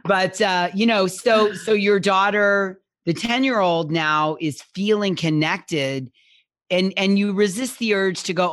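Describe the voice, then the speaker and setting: A woman guest speaking as a parenting expert in a conversational interview, animated and acting out little quotes, often checking in with "right?". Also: mid-range voice, measured pace, no echo. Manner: animated, acts out parent and child quotes, keeps asking "right?".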